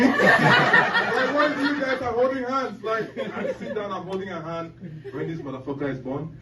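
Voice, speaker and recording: This stand-up comic's voice is high-pitched and moderately paced over a loud crowd as he works through a loose, foul-mouthed set, frequently cracking himself up. The recording comes from a far mic in an echoey, noisy comedy club.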